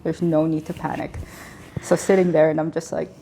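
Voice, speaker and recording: A woman in her thirties telling her own pregnancy story as an interview guest, lively, laughing often and acting out the dialogue. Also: sits low, a little fast, slight background noise. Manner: animated, laughs often, acts out quoted dialogue. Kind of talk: emotional personal storytelling.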